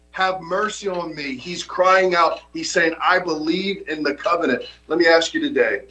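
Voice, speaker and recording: A man's voice: mid-range voice, fairly bright tone, rough recording. A man preaching a sermon as pastor, reading scripture with dramatic rises and repeating his key lines for emphasis.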